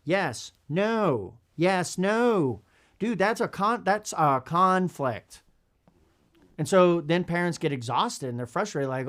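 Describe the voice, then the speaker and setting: A male podcast host reads from a parenting book and comments on it in a blunt, casual way, swearing now and then. His pitch swings widely, rising high when he gets worked up and dropping low when he talks quietly. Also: slow pace. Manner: animated, blunt, swears, acts out kids in high voices.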